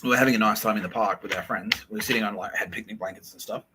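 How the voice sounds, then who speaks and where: A man's voice: lowish voice, racing, noisy background. An Australian man hosting a podcast, telling a casual story with lots of swearing and acted-out quotes. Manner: animated, swears often, acts out quoted voices. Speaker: podcast host.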